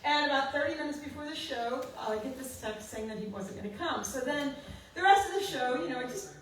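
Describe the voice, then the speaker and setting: A woman's voice: high voice, animated, brisk. Chatty woman songwriter, roomy distance. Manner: chatty, self-mocking, laughing often. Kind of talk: storytelling at a house concert. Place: living room house concert.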